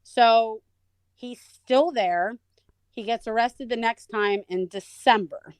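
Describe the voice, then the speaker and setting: A woman's voice: on the high side, takes it slowly, clear, resonant tone, dry recording. Woman telling her story animatedly. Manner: animated, acts out quoted voices. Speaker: interview guest. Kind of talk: conversational storytelling.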